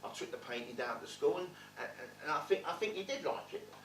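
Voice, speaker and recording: A man performing a stage monologue, playing a streetwise man telling his rough childhood with blunt, swearing wit. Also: on the high side, lively intonation, a little fast, a bit bright. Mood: wry. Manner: wry, blunt, swearing storyteller. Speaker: stage actor in a one-man play. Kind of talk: theatrical monologue storytelling. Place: theatre stage. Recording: roomy theatre, distant mic.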